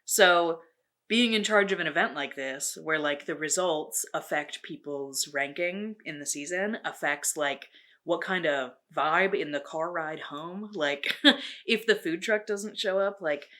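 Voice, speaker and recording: A woman's voice: low-pitched, measured pace, pushed and bright. A woman who organizes a gaming tournament, talking candidly in a documentary interview, laughing often and getting teary.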